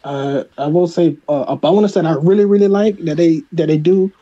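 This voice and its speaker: A man's voice: on the high side, a little fast, mellow, lo-fi sound. A man with a Philadelphia accent co-hosting a casual review chat, rambling with lots of restarts and fillers. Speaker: podcast co-host.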